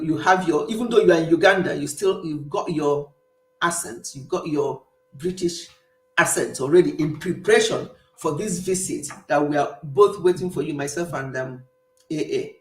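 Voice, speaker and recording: A Nigerian woman with a low voice chats casually on a live stream, replying to viewer comments as they pop up. Her accent is warm, laughter breaks out often, and the recording has a roomy echo.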